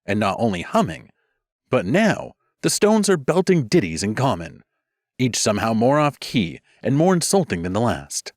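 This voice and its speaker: A man voicing a young queen who speaks with crisp, cutting precision and shoots back hard. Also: medium pitch, big pitch swings, moderate pace, no echo, studio quality. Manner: crisp, cutting, loud retorts. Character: cutting young female queen of stone nation.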